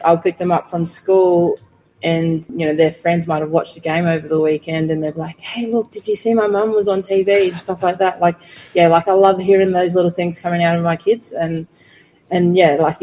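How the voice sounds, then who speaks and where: A woman's voice: fairly low pitch, darkish tone, rough recording. A woman, a rugby player answering interview questions earnestly, with many fillers. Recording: faint background noise.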